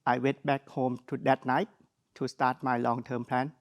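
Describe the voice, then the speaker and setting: A young man with a Thai accent delivers a graduation speech on behalf of his classmates. His tone is earnest and his phrasing shows English is not his first language. His voice sits at an ordinary middle pitch. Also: flat delivery, measured pace. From Thailand. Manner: earnest, with non-native phrasing. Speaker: graduate speaker.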